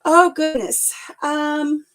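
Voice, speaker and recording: Chatty, slightly high-voiced woman vlogger, live-stream chat while tidying. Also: fairly even intonation, very slow, a bit bright, low-quality recording. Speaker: craft vlogger.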